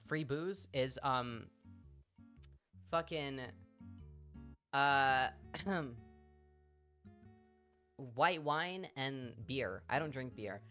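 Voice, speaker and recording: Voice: mid-range voice, a bit bright. A streamer telling a story in casual chat on a live stream, chatty and swearing freely.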